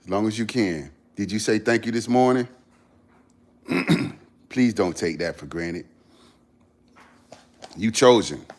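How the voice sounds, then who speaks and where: A man's voice: on the low side, expressive, takes it slowly, long pauses. A man hosting a livestream, giving an earnest motivational talk to his viewers, repeating his points for emphasis in casual slang. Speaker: livestream host.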